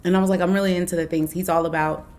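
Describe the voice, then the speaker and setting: A woman's voice: fairly low pitch, flat delivery, very fast, darkish tone. A young adult woman hosting a casual book review, telling a story animatedly and acting out the quoted dialogue. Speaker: book club host.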